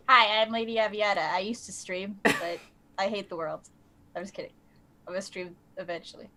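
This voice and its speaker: Bright giggly woman gamer. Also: medium pitch, steady tone, normal speed. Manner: giggly, bubbly. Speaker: player and streamer. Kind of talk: casual chat.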